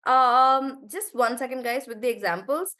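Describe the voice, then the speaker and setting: A woman's voice: high voice, normal speed, pushed and bright. A woman teaching in a live online class, chatty and encouraging as she praises students by name and laughs often. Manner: laughs often between explanations. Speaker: English teacher.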